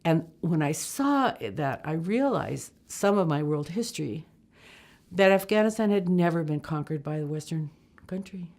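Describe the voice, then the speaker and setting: Storyteller: woman with a low voice, lively and animated, plays out the other voices. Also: moderate pace. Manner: lively, acts out voices, laughs often. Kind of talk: personal travel story.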